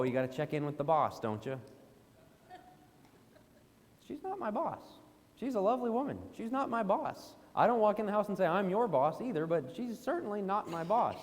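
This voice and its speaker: Preacher, male, fairly high voice, emphatic sermon delivery, long reverb of a church hall. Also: sing-song, fast talker, a little hiss or hum. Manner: emphatic, rising to indignant questions. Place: church auditorium.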